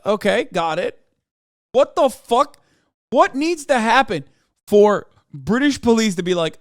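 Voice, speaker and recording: A man's voice: high-pitched, lively intonation, measured pace, no echo, clean studio sound. A man hosting a casual live-stream reaction, talking bluntly with lots of swearing and incredulous outbursts. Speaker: streamer host.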